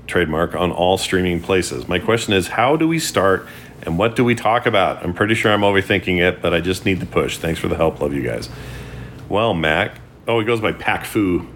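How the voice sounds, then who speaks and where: A man hosting a podcast, chatting casually with a relaxed, jokey manner and reading out listener emails. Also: deep voice, slight background noise. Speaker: podcast host.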